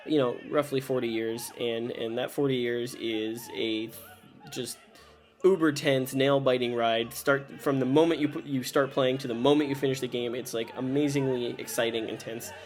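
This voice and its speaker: A man's voice: medium pitch, steady tone, moderate pace, soft background music. A man co-hosting a board game review show in casual chat, thoughtful and hedging as he searches for words.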